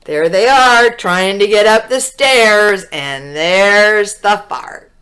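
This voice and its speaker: A woman reading a children's storybook aloud, expressive and drawn-out, with little asides to the listener. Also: mid-range voice, clear, resonant tone.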